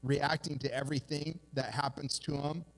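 A man preaching a casual, conversational sermon, telling stories with lively asides to his listeners. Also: fairly high pitch, moderate pace, vocal fry. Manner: chatty, animated storytelling with "you guys" asides. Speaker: pastor. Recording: long hall reverb.

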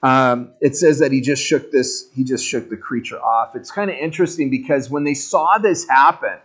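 A man preaching a sermon in a conversational, animated storytelling way with joking asides. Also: medium pitch, moderate pace. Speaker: pastor.

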